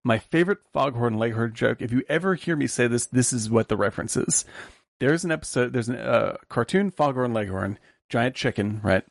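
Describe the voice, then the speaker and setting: A man's voice: medium pitch, fairly quick, gravelly, no room sound, clean studio sound. A man co-hosting a casual chat show, telling stories with energy and acting out the lines he quotes. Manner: animated storyteller, acts out quotes. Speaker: podcast co-host.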